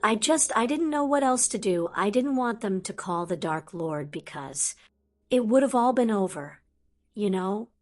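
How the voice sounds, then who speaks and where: A woman voicing an anxious, tender teenage wizard boy who speaks in a hurried, apologetic way. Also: medium pitch, lively intonation, natural voice. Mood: urgent, tender.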